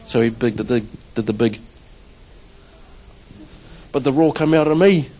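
A man stands before a church congregation and tells his story in an easy, conversational way. His pitch sits right in the middle of the range for a man. He plays out his own surprised reactions as he goes. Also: a little slow, background noise. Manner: conversational, animated storytelling with acted-out quotes. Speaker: church drummer giving testimony. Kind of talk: church testimony.

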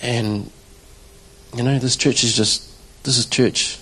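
Man sharing a lively church testimony. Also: mid-range voice, slow pace, husky, poor audio. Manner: conversational, animated storytelling with acted-out quotes. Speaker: church drummer giving testimony.

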